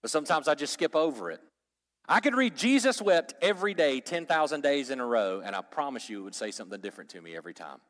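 A man's voice: mid-range voice, big pitch swings, fast, fairly bright tone, in a large hall. A man teaching a sermon to a church group in a conversational way, asking the audience questions and joking. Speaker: pastor or Bible teacher.

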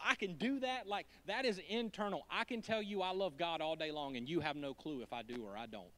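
A man preaching a sermon in a church, conversational and joking, going from hushed asides to emphatic lines. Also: on the high side, expressive, brisk, few pauses. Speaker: pastor.

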